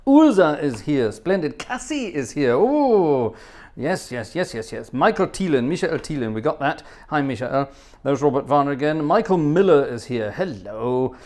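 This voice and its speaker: A man's voice: a little high, sing-song, normal speed, darkish tone. A man hosting a live stream, reading out viewers' names one by one and greeting them, humming little filler tunes between names. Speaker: livestream host and organist.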